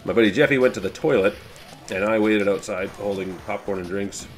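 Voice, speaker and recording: A man's voice: fairly low pitch, fairly quick. A man giving loose, rambling commentary while playing an old arcade game, swearing casually and joking about himself. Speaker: YouTube host playing a game.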